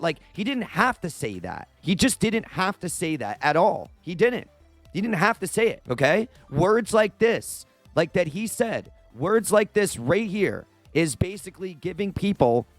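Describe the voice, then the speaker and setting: A man's voice: high voice, no echo. A young man giving casual, exasperated opinion commentary as a channel host, rambling and leaning hard on filler words. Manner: exasperated, rambling, heavy use of "like".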